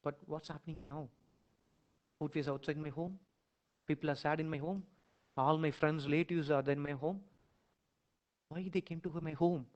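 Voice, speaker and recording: A man with an Indian English accent, lecturing and leading listeners through a dramatic imagined scene, repeating phrases and surging loud in emotional stretches. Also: on the high side, fairly even intonation, normal speed, long pauses, dull audio. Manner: dramatic, repetitive, rising to near-shouts in emotional passages. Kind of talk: guided imagination exercise in a lecture.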